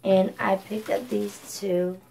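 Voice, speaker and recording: A woman's voice: mid-range voice, little pitch movement, slow, creaky, dark tone, a little hiss or hum, low-quality recording. A woman from Georgia, chatting casually through a thrift haul with lots of ums and self-corrections. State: coughing from allergies. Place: home at night.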